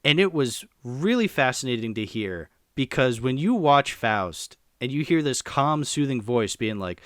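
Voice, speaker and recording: A man's voice: medium pitch, very animated, measured pace, no room sound, studio quality. A man in a casual podcast chat, rambling animatedly through a film's plot with lots of fillers. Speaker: podcast co-host reviewing a film.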